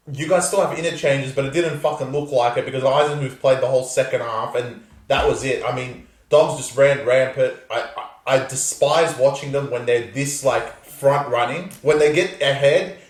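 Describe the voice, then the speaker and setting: A man co-hosting a sports podcast, ranting with heavy sarcasm and swearing. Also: fairly high pitch. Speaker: podcast co-host. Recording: roomy echo, set back from the mic.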